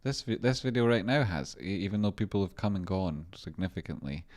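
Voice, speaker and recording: A man's voice: low voice, animated, fairly quick, darkish tone. A man hosting a live stream, chatting loosely and rambling as he answers his chat and talks through stock charts. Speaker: livestream host doing stock chart analysis.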